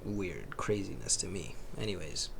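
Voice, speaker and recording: A man hosting a reaction video, commenting casually in a slow, drawn-out way and swearing freely. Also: low-pitched, expressive, creaky, fairly bright tone, slight background noise.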